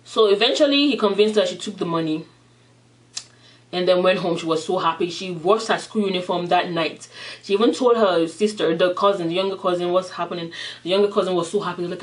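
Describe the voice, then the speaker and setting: A mukbang vlogger retelling a story casually between bites, animated and acting out the characters. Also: medium pitch, fairly quick, far from the mic, low-quality recording. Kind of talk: casual storytelling while eating.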